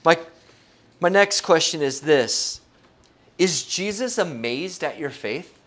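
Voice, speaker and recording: Male pastor, middle-aged, slow deliberate sermon with self-deprecating humor. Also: on the high side, expressive, a bit bright. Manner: humorous, self-deprecating, asks the audience questions. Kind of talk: conversational sermon.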